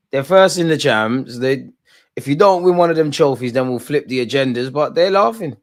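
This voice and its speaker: A man's voice: medium pitch, lively intonation, moderate pace. A young man hosting a live football watch-along, talking in rambling, opinionated banter. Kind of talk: casual live match commentary.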